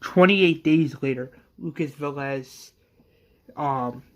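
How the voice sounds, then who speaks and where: A man casually retelling a story he made up, stumbling through fillers and restarts as he goes. He speaks slowly, and his voice sits a little higher than most men's. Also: a little hiss or hum. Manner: rambling, many fillers and restarts. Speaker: fan series creator retelling an episode.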